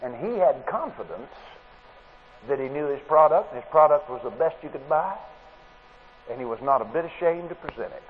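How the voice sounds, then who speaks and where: A man's voice: fairly high pitch, expressive, normal speed. A man preaching a sermon at a convention, a folksy, plain-spoken storyteller. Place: convention hall. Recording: tinny lo-fi tape with faint hiss.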